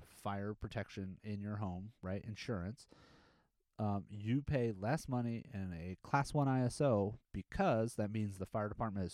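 A man's voice: lowish voice, dry recording. A man, a firefighter hosting a podcast, telling stories in a rambling casual monologue and acting out the quotes. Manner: rambling, animated storytelling with acted-out quotes.

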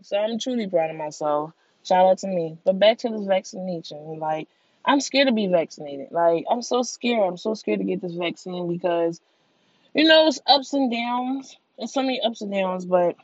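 A woman's voice: on the low side, darkish tone, no room sound, lo-fi sound. A woman hosting a solo podcast in a loose, slangy, repetitive way, leaning on "like" as she talks to her listeners. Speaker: podcast host. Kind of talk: casual solo podcast monologue.

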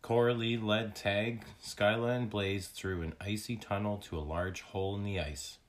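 Lower-voiced guy reading a kids' book aloud, expressive storyteller. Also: moderate pace, music in the background. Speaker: narrator. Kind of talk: children's audiobook reading.

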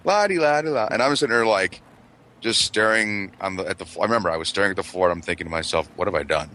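A man's voice: fairly even intonation, racing, sharp tone. A man chatting casually about his marriage, rambling and profane, full of "you know" fillers. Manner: mimics quoted people in a high squeal. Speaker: podcast co-host. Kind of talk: casual chat.

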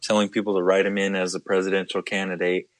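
A man co-hosting a casual podcast from his desk, talking in a relaxed way with many filler pauses. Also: deep voice, no echo. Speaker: podcast co-host. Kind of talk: casual chat.

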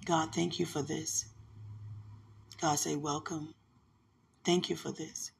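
A young woman, talking affectionately and religiously to her partner and breaking into lively, laughing storytelling. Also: deep voice, slow, vocal fry, a little hiss or hum. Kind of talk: casual emotional chat.

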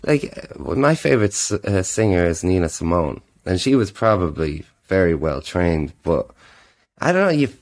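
A man, a singer-songwriter guest, chatting casually on a podcast in a rambling, animated way. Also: low-pitched, moderate pace. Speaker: guest musician. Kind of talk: casual chat.

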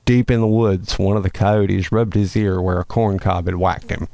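A man hosting a show and reading a children's Christmas story aloud in a folksy, expressive way. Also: low-pitched, normal speed, vocal fry, no echo. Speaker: host and storyteller.

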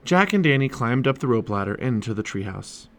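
Man reading a storybook aloud, animated. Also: mid-range voice, fairly quick. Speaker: storybook reader. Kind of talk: family read-aloud narration.

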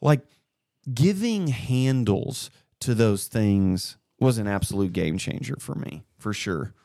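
Man, 30s, lower voice, unhurried storyteller co-host, dry close sound. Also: vocal fry, dry recording. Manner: storytelling, animated retelling of a conversation. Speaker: podcast co-host. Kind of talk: casual faith chat.

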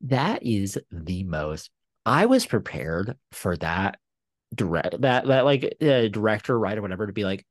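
Low-voiced man with a lively, swinging delivery. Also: moderate pace, dry recording, studio quality. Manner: excitable, full of fillers and restarts, swings up in pitch. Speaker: podcast co-host. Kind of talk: casual movie review chat.

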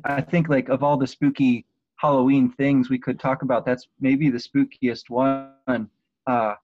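A man chats on a podcast, pausing and filling gaps as he hunts for the right words. His voice comes through a dull, muffled line with a dry, close sound and no room echo. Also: medium pitch, a little mellow. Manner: hesitant, lots of "like" and "um", searching for words. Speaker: podcast co-host. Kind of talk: casual book discussion.

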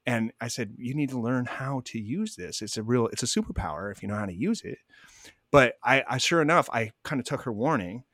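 Man telling stories, lively and close. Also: medium pitch, brisk, dry recording. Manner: animated, acts out both sides of dialogue. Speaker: guest, spiritual medium. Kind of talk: conversational storytelling.

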